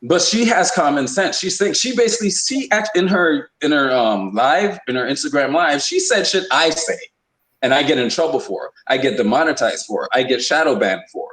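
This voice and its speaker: A man's voice: on the high side, sing-song, moderate pace, a bit bright, reverberant, rough recording. A man hosting a podcast, talking in a rambling, emphatic way with many restarts. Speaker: podcast host. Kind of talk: casual opinion talk.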